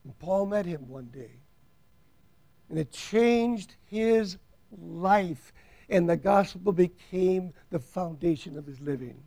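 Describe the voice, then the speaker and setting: A man preaching in a high, gravelly voice, stretching his words out slowly. He swings from hushed asides to ringing declarations and argues back at an imagined doubter. The sound is close and dry. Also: lively intonation, no echo. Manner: emphatic, swings from soft to loud, drawn-out words. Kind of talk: sermon.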